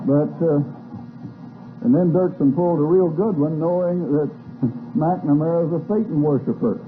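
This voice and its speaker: Older male lecturer with a fairly high voice, folksy and wry, on thin hissy old tape. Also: normal speed. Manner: folksy storyteller with wry asides. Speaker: speaker. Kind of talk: lecture to a live audience. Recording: tinny phone-like old tape with faint hiss.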